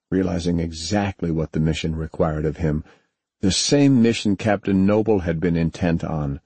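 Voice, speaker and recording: Deep husky male audiobook narrator. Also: dark tone, dry recording. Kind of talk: scripted narration.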